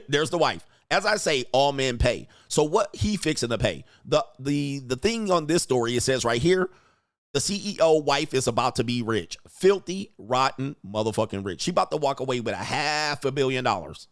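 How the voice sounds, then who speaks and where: A man hosting his own livestream, talking in a crude, combative way and laughing often at his own remarks. His voice sits at an ordinary pitch for a man. The sound is dry and close, with no room echo. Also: animated, normal speed. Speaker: livestream show host and dating coach. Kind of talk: profane livestream commentary.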